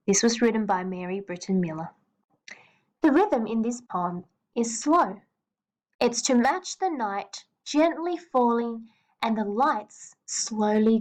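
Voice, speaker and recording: A woman with a fairly high voice teaches a recorded poetry lesson. She explains in a clear, instructive way and reads poems aloud to show how rhythm changes. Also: a little mellow.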